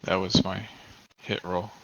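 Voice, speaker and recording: A man's voice: sits low, level tone, a little slow, a bit bright, no echo. A man playing a tabletop game, casual and playful, on a dull lo-fi mic. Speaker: player.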